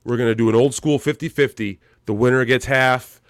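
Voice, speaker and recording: Man, podcast co-host, rambling and profane, mid pitch, dry close mic. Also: fairly even intonation, a little fast, dry recording. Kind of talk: casual podcast banter.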